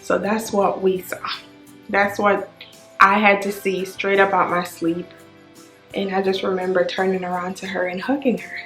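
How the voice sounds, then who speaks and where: A woman's voice: medium pitch, little pitch movement, moderate pace, a bit bright. Emotional woman telling a hard story. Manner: raw, tearful retelling with sudden rises. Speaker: vlogger. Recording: echoey room with faint music.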